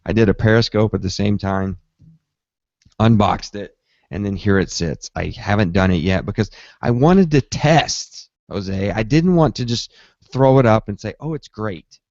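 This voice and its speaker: A man hosting a casual tech podcast who tells his story in a lively way and acts out his own reactions. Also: lowish voice, moderate pace, no echo. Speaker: podcast host. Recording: dull, slightly lo-fi dry sound.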